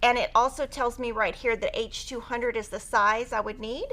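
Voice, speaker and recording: A woman's voice: on the high side, fairly even intonation, moderate pace, sharp tone. A woman teaching a quilting tutorial on a live stream, chatty and upbeat as she talks through cutting fabric. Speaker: quilting instructor.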